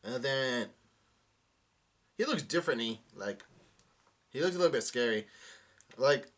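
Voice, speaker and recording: A man's voice: mid-range voice, lively intonation, unhurried. A young man doing a casual live reaction to a manga chapter, reading the dialogue aloud with many fillers and restarts.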